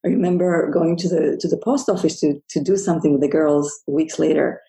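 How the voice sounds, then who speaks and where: A woman sharing a personal story as a guest, speaking earnestly with halting restarts. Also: low voice, steady tone, creaky, dark tone, rough recording.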